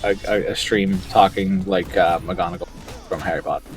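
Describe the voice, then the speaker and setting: A man's voice: low voice, steady tone, normal speed, soft background music. A man chatting casually as co-host on a game stream, teasing and self-deprecating.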